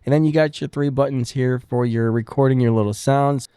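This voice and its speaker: A man giving a relaxed, chatty product review and demo into a studio broadcast microphone. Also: mid-range voice, fairly quick, clean tone, no echo.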